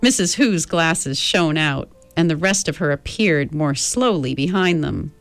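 A woman narrating a storybook with an expressive, lively, swinging delivery. Faint music plays beneath her reading. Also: low voice, unhurried, dry recording. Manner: expressive, voices each character. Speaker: audiobook narrator.

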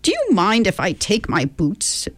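A woman voicing an eccentric, cheerful old woman tramp with a creaky voice like an unoiled gate, drawn out and fond. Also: mid-range voice, huge pitch swings, no echo, voice pushed up, heavily acted. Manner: fond, chattering, slow and drawn out.

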